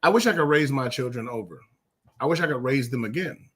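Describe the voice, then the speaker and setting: A middle-aged father speaking in a casual men's discussion circle, emphatic and animated, acting out quotes as he tells his story. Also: medium pitch, fairly quick, husky.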